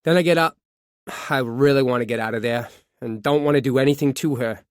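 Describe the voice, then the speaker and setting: A man narrating a true crime audiobook, reading a confession in a measured first-person voice. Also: mid-range voice, clean tone, no echo, clean studio sound.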